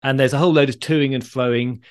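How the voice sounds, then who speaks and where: A man hosting a podcast, calmly explaining in a dry storytelling way and delivering groan-worthy jokes. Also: mid-range voice, brisk, clean tone. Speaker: podcast host. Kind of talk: conversational explaining.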